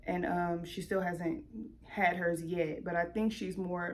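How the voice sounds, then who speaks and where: Woman vlogger, young adult, lowish voice, loose rambling chat with filler words, a bit breathless. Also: flat delivery, normal speed. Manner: candid, rambling, many fillers. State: slightly out of breath. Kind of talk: casual chat. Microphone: camera mic.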